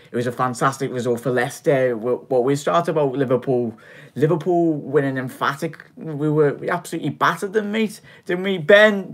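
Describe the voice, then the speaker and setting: A young man talks through a football result in a relaxed reaction vlog. He rambles in a chatty way, repeating himself and restarting sentences with plenty of fillers. His voice sits at an ordinary middle pitch. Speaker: fan channel host. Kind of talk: casual match reaction vlog.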